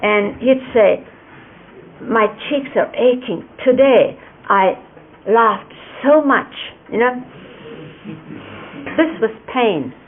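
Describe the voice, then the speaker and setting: An older woman gently recalling a teacher's hand gestures, explaining each one at an unhurried pace. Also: a little high, animated. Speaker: speaker recalling a spiritual teacher. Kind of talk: reminiscing explanation. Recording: lo-fi phone-like archive recording with faint hiss.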